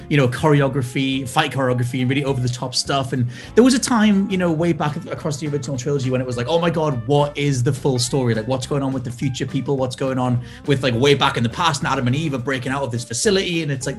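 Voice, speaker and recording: Male panelist, eager storyteller, mid voice, soft music under. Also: mid-range voice. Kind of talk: casual chat.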